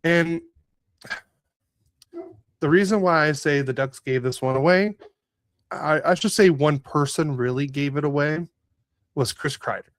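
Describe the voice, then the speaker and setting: A man's voice: a little high, measured pace, long pauses, dry recording. A man co-hosting a casual sports podcast, recapping a hockey game with a rambling, rueful manner, lots of fillers and restarts. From Southern California. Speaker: podcast co-host.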